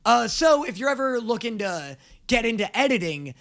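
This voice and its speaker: Animated sarcastic man with a gravelly edge. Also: very high voice, normal speed. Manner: sarcastic, animated rants with sudden shouts. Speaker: YouTube reaction host. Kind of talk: comedic reaction commentary.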